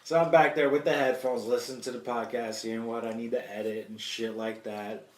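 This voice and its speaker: A man's voice: mid-range voice, fairly even intonation, fairly quick. A man in his thirties, a podcast host, telling a profane story in casual chat. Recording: echoey room, mic at a distance.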